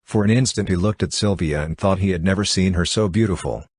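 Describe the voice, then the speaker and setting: A man narrating an audiobook in a steady, even reading style. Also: low voice, fast, no room sound, studio quality. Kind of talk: scripted narration.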